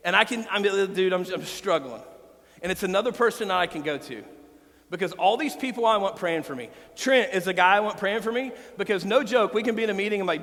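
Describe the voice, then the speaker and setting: A man's voice: high-pitched, lively intonation, fast talker, a bit bright, in a large hall. A man preaching a sermon as pastor, candid and emotional, sharing personal stories with his congregation.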